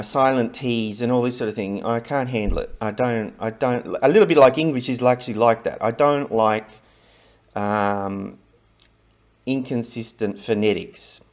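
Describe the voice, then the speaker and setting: A middle-aged man chats casually to the camera about learning languages, his voice medium-pitched and somewhat dark, moving at a normal speed. He rambles a lot, filling his talk with fillers and restarts.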